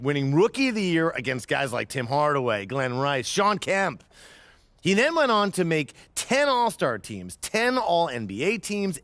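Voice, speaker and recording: A basketball commentator narrates a scripted player ranking, hyping the players up with emphatic delivery. His voice is on the high side and fairly bright, with no echo.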